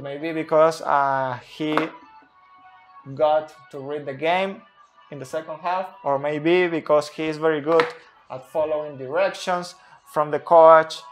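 A man who speaks Spanish natively, analysing football tactics in English, hesitant and pausing often to search for words. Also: on the high side.

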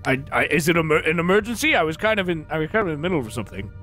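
A man's voice: fairly high pitch, big pitch swings, very fast, bright, forceful tone, soft background music. A man hosting a comedic game let's-play, theatrical and mock-polite, with frequent giggles. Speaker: host and player.

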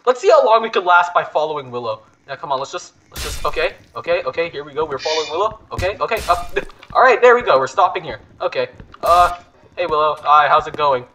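A man hosting a gaming video, commenting excitably and panicking with repeated words. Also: a little high, fast, a little hiss or hum.

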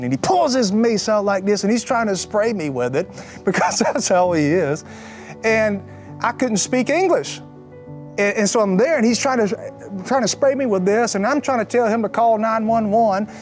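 A man telling his personal faith testimony as a lively story, with joking, sarcastic asides and acted-out quotes. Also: high-pitched.

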